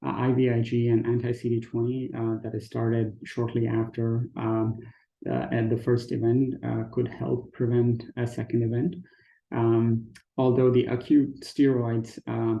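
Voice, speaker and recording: Hesitant man presenting research, gravelly and dark. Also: mid-range voice, roomy sound, muffled recording. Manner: hesitant, frequent fillers and restarts. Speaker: conference presenter. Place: conference talk, recorded remotely.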